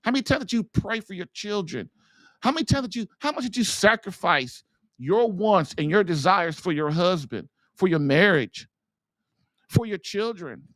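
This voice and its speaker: A man voicing Christ as a stern male judge, asking slow, pointed questions of a soul. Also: high voice, lively intonation, a bit bright, no echo.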